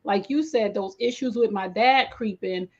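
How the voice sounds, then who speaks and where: A woman's voice: mid-range voice, normal speed, darkish tone. An emphatic woman host, talking like a coach who preaches her point. Her voice sits in a middle range and comes through a slightly dull, lo-fi recording. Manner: emphatic, preacherly, exclaims often. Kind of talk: animated interview chat. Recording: dull lo-fi audio.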